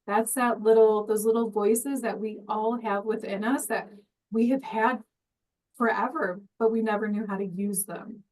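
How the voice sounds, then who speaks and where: A woman's voice: medium pitch, normal speed, recorded from a distance, rough recording. A woman co-hosting a podcast, explaining earnestly with everyday examples. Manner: earnest, animated storyteller with examples. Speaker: podcast co-host. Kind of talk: casual spiritual chat. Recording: voice a bit off-mic.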